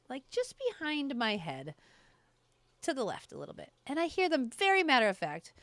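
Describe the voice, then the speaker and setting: A woman podcast host and astrologer telling a personal story in a casual, animated, self-mocking way, often laughing. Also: mid-range voice, fairly quick, dry recording.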